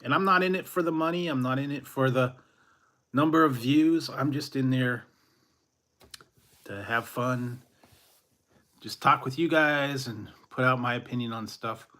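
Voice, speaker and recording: Dude rambling on his late night stream, bright voice, chuckles a lot, jokey eh's. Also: mid-range voice. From Central California. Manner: rambling, chuckling, plays up a mock Canadian eh. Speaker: food review streamer. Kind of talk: casual live-stream chat.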